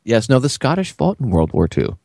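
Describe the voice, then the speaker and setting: A man's voice: mid-range voice, very animated, fairly quick, creaky, a little mellow, dry recording, studio quality. A man hosting a radio talk show, chatting casually about politics with blunt, wry asides.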